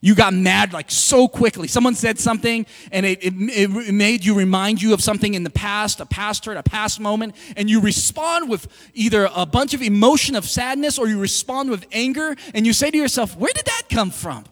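A male pastor with a high voice preaches in a casual, animated way, acting out little back-and-forth conversations. His voice carries a long hall reverb, as if he is in a large church. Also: moderate pace, hardly any pauses. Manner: animated, conversational, acts out quoted dialogue. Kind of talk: sermon.

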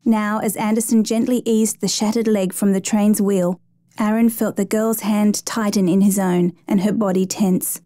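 A woman reading a true rescue story aloud in steady, measured scripted narration, lightly voicing the quoted lines. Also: medium pitch, no room sound, studio quality.

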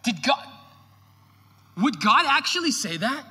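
A man voicing a sly male serpent devil who mocks in drawn-out questions, in a reverberant church hall. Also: extremely high pitch, very animated, sharp tone, slightly rough, distant mic, voice pushed up, heavily acted. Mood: taunting.

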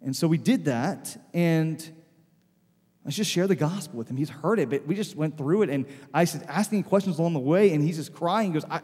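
With a fairly high, husky voice that's a little mellow, a male pastor delivers an animated, brisk storytelling sermon. He talks loosely to his congregation in the sanctuary, saying "like" constantly, as long church reverb fills the hall.

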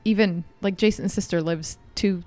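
Relaxed, low-voiced woman podcast co-host. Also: moderate pace, faint music behind. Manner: relaxed, conversational, hesitant fillers. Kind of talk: casual chat.

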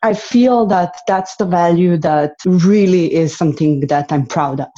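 A woman's voice: fairly low pitch, a little slow, warm tone, muffled recording. A woman from Slovenia, an entrepreneur and interview guest, talking earnestly and reflectively, sometimes restarting her sentences. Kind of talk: casual conversation.

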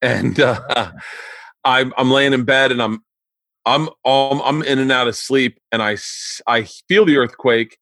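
A man's voice: medium pitch, measured pace, gravelly, dry recording. Chatty man with a dry close sound. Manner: laughs while telling family stories, relaxed and chatty. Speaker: podcast host. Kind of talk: casual chat.

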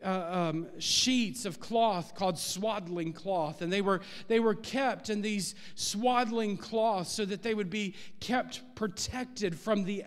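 Male pastor, high voice, animated sermon delivery, long hall reverb. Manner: animated preaching, swelling louder on key points. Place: church sanctuary.

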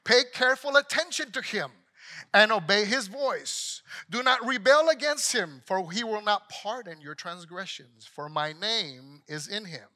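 A man, a pastor, preaching a sermon with emphatic repetition that swells loud and then drops low for scripture. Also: expressive, unhurried.

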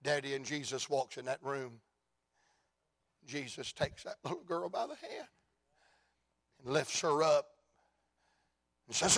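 A man with a Southern US accent preaching an evangelistic sermon, telling folksy stories and building to shouted climaxes. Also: mid-range voice, lively intonation, a little slow, pauses often. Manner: folksy storytelling, rising to shouts.

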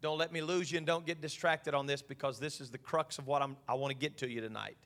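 A man's voice: fairly high pitch, fairly even intonation, fast talker, fairly bright tone. A man preaching an evening sermon as pastor, emphatic and pleading, often asking his listeners whether they follow him. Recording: long reverb of a large hall.

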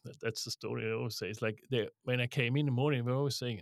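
A man's voice: medium pitch, fast, gravelly, few pauses, dry recording. A middle-aged man from Switzerland, a guest in an interview, speaking casually and telling stories with laughs and restarts. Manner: lively storytelling with laughs, frequent restarts. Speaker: guest, investment firm co-founder.

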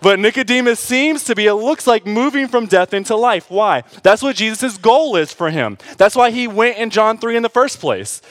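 A man preaching a sermon in an animated, conversational way, often tossing in quick asides to the congregation. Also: high voice, no room sound. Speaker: pastor.

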